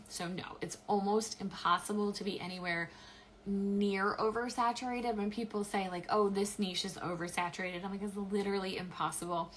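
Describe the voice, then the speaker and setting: A woman's voice: on the low side, a bit bright, slight background noise, poor audio. A young adult woman hosting a casual live stream, chatting with many "um"s and restarts as she answers viewer questions. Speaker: live-stream host, affiliate marketer.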